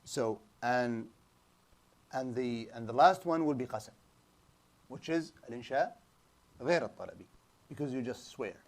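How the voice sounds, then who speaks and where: This man lectures to a class in a halting, repetitive way, often restarting his sentences. He drops Arabic terms into his English explanation, and his voice sits at an ordinary middle pitch for a man. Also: lively intonation. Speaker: Islamic studies teacher. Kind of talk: classroom lecture with student questions.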